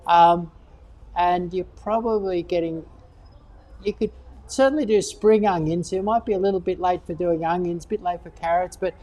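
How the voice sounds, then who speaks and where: Woman gardening expert, lowish warm voice, loose chatty answers full of repeated words. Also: fairly even intonation, normal speed. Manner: rambling, repeats words while thinking. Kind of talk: casual Q&A chat.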